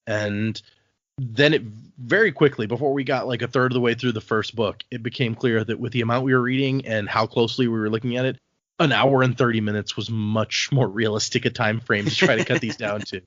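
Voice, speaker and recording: A man who hosts and edits a podcast rambles through anecdotes in casual chat, restarting his sentences often. His medium-pitched voice is steady, fairly bright, and brisk. The sound is dry, dull, and lo-fi.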